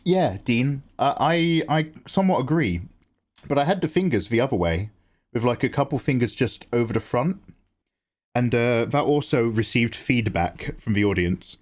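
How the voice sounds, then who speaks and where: A man's voice: lively intonation, moderate pace, darkish tone. A grown man hosting a live drawing stream, chatting casually and teasing viewers as he answers chat. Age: adult. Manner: chatty, teasing replies to chat, jumps up in pitch when greeting viewers. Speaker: livestream artist and host.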